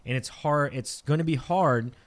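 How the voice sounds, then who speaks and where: A man's voice: on the high side, moderate pace. A man hosting a casual podcast chat who rambles through his point and often restarts sentences.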